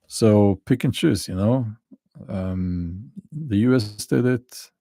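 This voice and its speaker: A middle-aged man with a Norwegian accent, hosting a casual livestream and answering chat questions in a halting way, full of fillers and restarts. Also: on the low side, dark tone, no room sound. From Norway. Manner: halting, many fillers and restarts, chuckles dryly.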